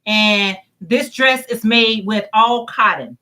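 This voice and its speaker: A woman's voice: on the high side, slow, sharp tone. A woman hosting a crochet livestream, chatting casually, greeting viewers by name and reading their comments aloud.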